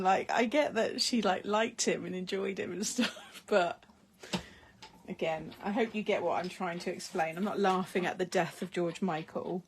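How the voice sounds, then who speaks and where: A woman's voice: mid-range voice, normal speed, a little hiss or hum. A middle-aged woman hosting a craft live stream, chatting casually with viewers, rambling with frequent laughs and trailing sentences. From United Kingdom. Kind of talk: casual chat while crafting, replying to viewer comments.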